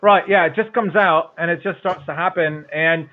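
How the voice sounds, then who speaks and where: A man appearing as a guest on a casual talk show, chatty and quick to laugh. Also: a little high, fairly even intonation, phone-quality sound. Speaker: podcast guest. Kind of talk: casual chat.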